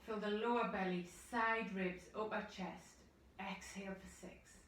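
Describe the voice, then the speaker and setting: A woman yoga teacher from the United Kingdom, guiding a class through slow, soothing breathing cues and audible sighing breaths. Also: mid-range voice, steady tone, a bit bright, slight background noise. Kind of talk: guided yoga instruction. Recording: echoey room, voice from far off the mic.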